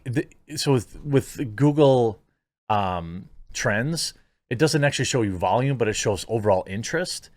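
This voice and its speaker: A man in a mid-pitched voice talks through online commentary in a loose, rambling way. He leans on filler words and sounds openly incredulous as he reacts. The recording is dry and close, with no room sound. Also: no room sound. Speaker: YouTube commentary host.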